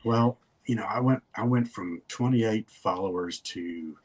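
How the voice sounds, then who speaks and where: A man's voice: fairly low pitch, a little slow, darkish tone, a little hiss or hum. An older man, a guest in a casual interview, telling stories in a folksy, rambling way.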